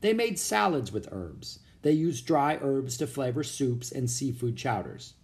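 A man reading a story aloud, voicing an eager, curious young girl who asks excited questions. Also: medium pitch, a little slow.

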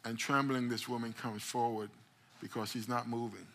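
A man preaching a sermon at a church service. His voice is bright and cutting, and he tells the story dramatically, acting out quoted lines with sudden loud bursts. He calls out to the congregation as he goes. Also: medium pitch, fairly even intonation, moderate pace, vocal fry. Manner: call-and-response phrases to the congregation. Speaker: pastor.

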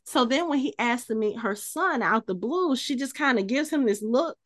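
Podcast co-host, woman, higher-pitched voice, dry close sound, animated scene-by-scene retelling. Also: moderate pace, no room sound. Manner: animated retelling, acts out quoted dialogue. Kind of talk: casual TV recap chat.

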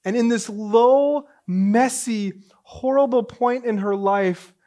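A man preaching a sermon as pastor, moving between hushed storytelling and raised, emphatic passages. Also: extremely high pitch, slow.

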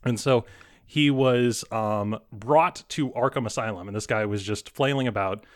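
A man narrating a tabletop horror game as game master, halting with many pauses and restarts. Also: fairly low pitch.

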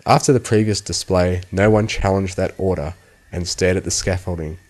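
A man reading a story aloud as an audiobook narrator in a steady storytelling manner. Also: low-pitched, moderate pace. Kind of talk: scripted narration.

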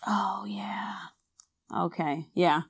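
Excitable young woman, giggly. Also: mid-range voice, drawn-out words, creaky, no room sound. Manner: excitable, giggly, swears under breath. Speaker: quiz contestant. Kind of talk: casual chat.

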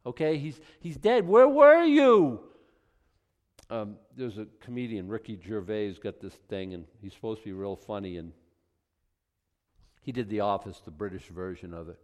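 A man preaching a sermon, acting out conversations in an animated, building delivery. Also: lowish voice, moderate pace. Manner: animated, acts out dialogue with rising intensity.

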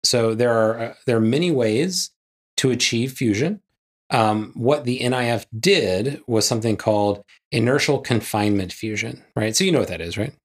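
A man's voice: medium pitch, normal speed. A man co-hosting a podcast, chatting casually with frequent "like" and "yeah" and jokey asides. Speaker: podcast co-host. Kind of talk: casual chat.

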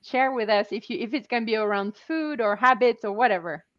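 A woman hosting an interview over a call, enthusiastic and quick to laugh. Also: a little high, a bit bright, no echo. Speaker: interview host. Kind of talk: conversational interview. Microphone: remote call. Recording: dry, dull lo-fi call audio.

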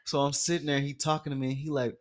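Animated man telling a wild story. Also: on the high side, quick pace. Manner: animated, acts out quoted voices, laughs often. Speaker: podcast co-host. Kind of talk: casual storytelling.

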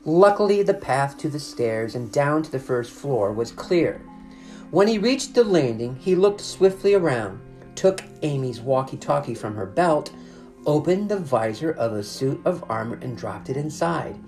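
A woman reading a children's chapter book aloud as the storyteller, in an expressive, animated way. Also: very deep voice, a little slow, soft background music.

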